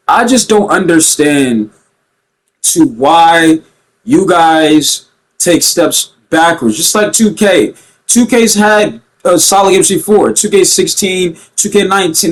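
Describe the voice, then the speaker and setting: A young man rants to camera about a video game, stringing thoughts together with lots of fillers and restarts. His tone is casual and animated. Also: on the high side, low-quality recording. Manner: animated and rambling, with many fillers. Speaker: gaming vlogger.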